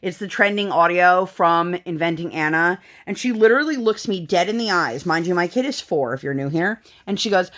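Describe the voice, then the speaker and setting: A woman in her thirties chatting casually while she crafts, acting out the people in her story with big jumps in her voice. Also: moderate pace. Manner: animated storytelling, acts out dialogue with big pitch jumps. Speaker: craft vlogger.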